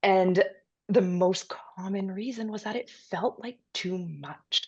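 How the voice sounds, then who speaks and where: A woman guest on an interview podcast, explaining parenting advice in a calm, instructive and reassuring way. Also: mid-range voice, takes it slowly, breathy edge, muffled recording. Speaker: pediatric sleep consultant guest.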